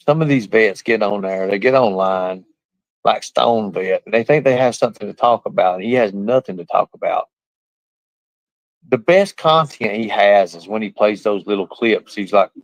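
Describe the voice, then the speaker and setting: A man's voice: mid-range voice, no echo, poor audio. Boastful, profane man ranting on a livestream. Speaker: livestream host. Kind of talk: casual livestream rant.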